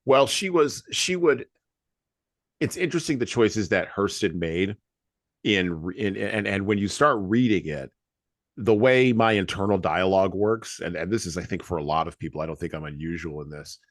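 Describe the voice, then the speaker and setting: A man with a flat Midwestern American accent hosting a podcast, talking in a measured, deliberate way. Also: low voice, dry recording, clean studio sound. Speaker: podcast host. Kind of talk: casual podcast conversation.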